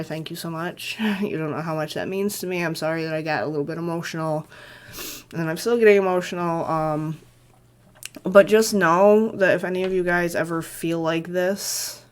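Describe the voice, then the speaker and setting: A young woman vlogger speaking candidly to her viewers, halting and soft, with many pauses as she gets emotional. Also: low voice, clear, resonant tone. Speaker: vlogger and student. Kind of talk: candid talk to camera.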